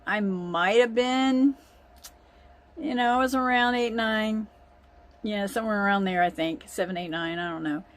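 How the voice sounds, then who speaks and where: A woman's voice: mid-range voice, normal speed. A woman telling a family story in a chatty way, often breaking into laughter. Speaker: vlogger. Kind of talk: casual storytelling.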